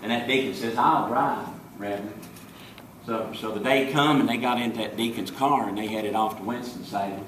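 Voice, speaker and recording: A man with a Southern US accent, slowly spinning folksy comic stories to a live audience in character as a small-town deputy. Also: fairly low pitch, steady tone, a bit bright, slight background noise. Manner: slow drawling folksy yarn-spinner. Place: live venue before an audience. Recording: echoey room, distant mic.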